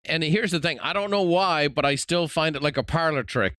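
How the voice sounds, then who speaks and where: A man's voice: fairly high pitch, animated, fairly quick, a bit bright, no echo. A man in his fifties hosting an interview, speaking in an earnest, reflective way. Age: 50s. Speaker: podcast host. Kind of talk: conversational interview.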